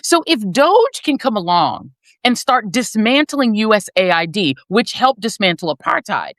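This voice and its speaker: A woman's voice: very animated, moderate pace, fairly bright tone, no echo, studio quality. A woman in her fifties giving emphatic, sardonic political commentary as a panel guest. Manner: emphatic, sardonic, swings between high and low.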